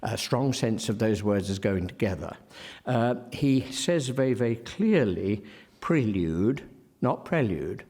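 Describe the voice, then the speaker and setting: A man's voice: medium pitch, expressive, measured pace, a little mellow. A man giving a scholarly lecture, precise and pondering, taking care over how each word is pronounced.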